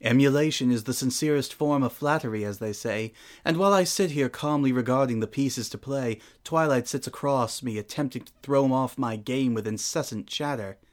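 A man's voice: mid-range voice, normal speed, few pauses, lightly acted. A man voicing a regal, ancient female sun princess in a fan audio drama, with a refined, formal and dryly amused manner.

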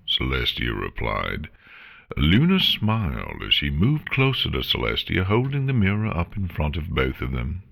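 A man narrating a fan fiction story in a calm, measured way. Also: extremely low pitch, gravelly.

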